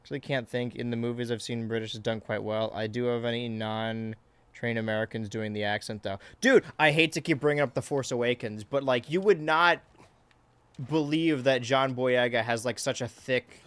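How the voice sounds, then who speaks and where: A male game streamer at a middling pitch, chatting casually while he plays. He rambles between the game and chat questions, swearing freely as he goes. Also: steady tone, moderate pace, a bit bright, smooth, no room sound. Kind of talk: casual let's-play commentary.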